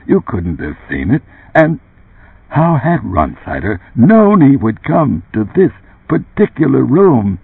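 A tense, suspicious man, as a male audiobook reader puts him on who presses with sharp, accusing questions. The husky voice rises and falls a lot. The sound is dry and thin, like a phone line. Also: medium pitch, sing-song, slow pace, no echo, voice pushed up, exaggerated voice. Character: tense, suspicious man confronting his boss.

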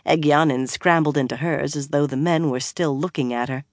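An audiobook narrator reading a fantasy novel in an even, measured storytelling voice. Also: medium pitch, dry recording, studio quality.

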